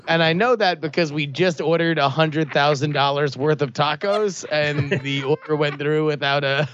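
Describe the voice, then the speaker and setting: A man's voice: fairly high pitch, fairly even intonation, measured pace, fairly bright tone, muffled recording, a little hiss or hum. Brash, jokey male role-play player. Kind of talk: comedic role-play chat.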